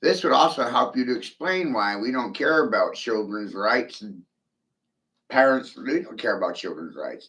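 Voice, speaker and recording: A man's voice: medium pitch, animated, normal speed, fairly bright tone. A man giving an angry, profane monologue, swearing often and taunting his silent listeners.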